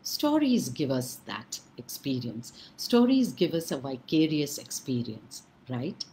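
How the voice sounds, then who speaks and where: Slow, low-voiced woman storyteller. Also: sing-song, slight background noise, poor audio. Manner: gentle, measured, with pauses. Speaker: early-years educator. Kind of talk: storytelling and educational talk.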